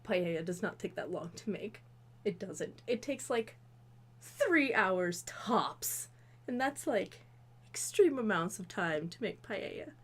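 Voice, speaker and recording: A woman's voice: medium pitch, darkish tone, slightly rough. A woman in her twenties giving a rambling, profane, exasperated comedic recap of a movie. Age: 20s. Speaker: comedy video host.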